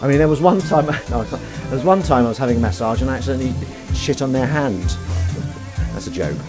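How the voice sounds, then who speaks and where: A man's voice: mid-range voice, animated, fast, music in the background. A man hosting a livestream, chatting casually and making self-mocking jokes while doing the washing up. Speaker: livestream host.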